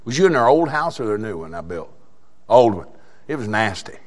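A man preaching a sermon, telling a story in a folksy way that swings between quiet talk and shouted exhortation. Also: lowish voice, big pitch swings, fairly quick.

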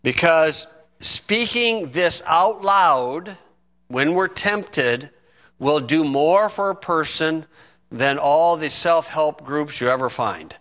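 A middle-aged man preaching a sermon, reading scripture slowly and adding folksy asides. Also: on the high side, expressive, fairly bright tone. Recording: long reverb in a hall.

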